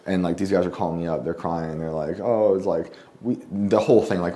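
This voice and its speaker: A man guest telling a story in casual conversation at a home lunch table, rambling with many fillers and often clearing his throat. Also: sits low, steady tone, brisk, warm tone. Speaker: guest journalist.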